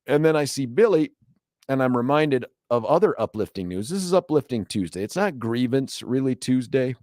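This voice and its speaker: In a studio, a talk radio host in his fifties chats casually into a studio microphone, with no room sound. His voice is mid-range and his pace moderate. He's a lively storyteller who rambles and keeps restarting his sentences.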